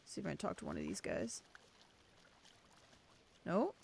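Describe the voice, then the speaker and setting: Woman, gameplay streamer, casual commentary, thinking aloud, slightly low voice. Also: huge pitch swings, moderate pace, gravelly, darkish tone, slight background noise. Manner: chatty, thinking aloud, reading on-screen text. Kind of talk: casual let's-play commentary.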